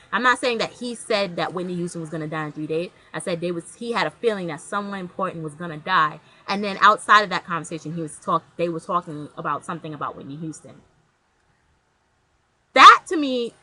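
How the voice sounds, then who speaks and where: Bright-voiced young woman ranting to camera. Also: fairly low pitch, poor audio. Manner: animated, blunt and slangy, rambling with restarts. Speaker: vlogger. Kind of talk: casual chat to camera.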